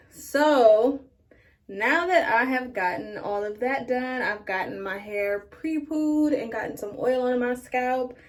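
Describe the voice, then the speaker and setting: A woman vlogger chatting casually through a hair care tutorial, talking straight to her viewers. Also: on the high side. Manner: chatty, addresses viewers as you guys. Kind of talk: casual tutorial talk to camera.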